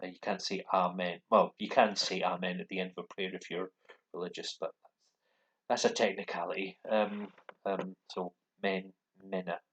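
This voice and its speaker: Deep-voiced Scottish man, hesitant. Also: flat delivery, normal speed, a bit bright, slightly rough, poor audio. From Scotland. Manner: hesitant, many ums and restarts. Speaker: language learner vlogger. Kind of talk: casual explanatory walkthrough. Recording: voice with computer speakers playing.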